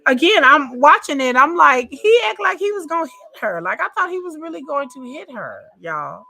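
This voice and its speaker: Lively high-voiced woman reacting to a show. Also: normal speed, gravelly. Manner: chatty, repeats herself, swears, addresses viewers as y'all. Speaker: reaction vlogger recapping a reality show. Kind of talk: casual reaction commentary.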